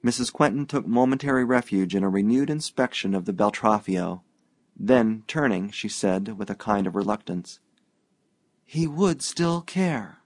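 A man narrating an audiobook in a steady, even-paced reading. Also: on the low side, moderate pace, dry recording.

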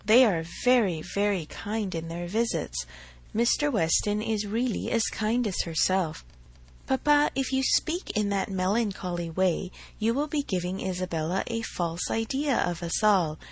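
A woman voicing a lively, self-assured young woman in a narrated novel, brisk and reassuring. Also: mid-range voice, husky.

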